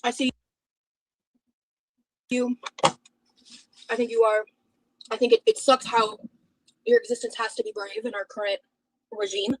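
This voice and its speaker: A woman chatting casually in a video, sharing snack tips and personal thoughts in a relaxed way. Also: on the high side, a little slow, vocal fry, long pauses, background noise. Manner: relaxed, chatty, eats while talking.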